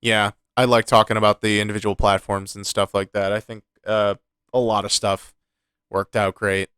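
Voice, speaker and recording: A man co-hosting a casual gaming podcast, ranting in a frustrated, animated way with many restarts. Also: fairly low pitch, moderate pace, smooth, no echo. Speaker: podcast co-host.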